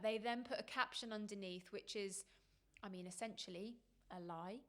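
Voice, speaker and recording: A woman's voice: a little high, moderate pace, a bit bright. A woman, a yoga teacher co-hosting a podcast, talking thoughtfully and reflectively with many agreeing interjections. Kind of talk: conversational podcast chat.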